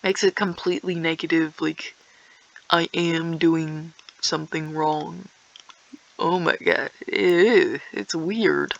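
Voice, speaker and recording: A teenage girl talks over her gameplay in a slow, drawn-out ramble. Her voice carries a gravelly fry, and she often slips into whispers or sings a few lines. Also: low voice, steady tone, dull audio. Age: teens. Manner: rambling, self-aware, drifts into whispers and song. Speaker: gaming streamer. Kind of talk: casual gameplay chat.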